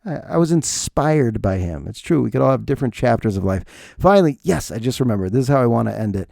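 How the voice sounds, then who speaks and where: A man's voice: medium pitch, expressive, quick pace, vocal fry, mellow, dry recording, clean studio sound. A man in his forties hosting a solo podcast, chatting casually in a rambling, self-deprecating way. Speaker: podcast host.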